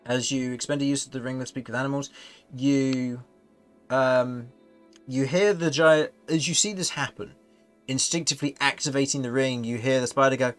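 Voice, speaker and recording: A man's voice: medium pitch, fairly even intonation, normal speed, faint music behind. A man narrating as game master of a tabletop fantasy game, rambling and correcting himself as he goes. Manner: rambling, self-correcting narration with frequent laughs.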